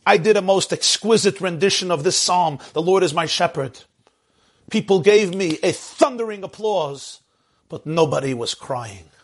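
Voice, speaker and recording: A man's voice: high voice, breathy edge, heavily acted. A man quoting a puzzled, celebrated male opera singer in a sermon anecdote.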